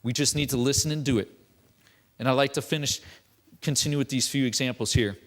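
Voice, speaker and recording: A man's voice: medium pitch, fairly quick, a bit bright. A man giving a sermon as a church elder, telling stories conversationally and tossing in rhetorical questions.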